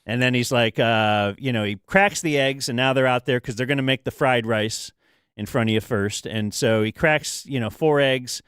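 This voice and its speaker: A male talk show co-host rambles through a casual story. He trips over restarts and fillers in a smooth, resonant voice. The studio sound is dry and close. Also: mid-range voice, moderate pace, a bit bright, no echo. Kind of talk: casual chat.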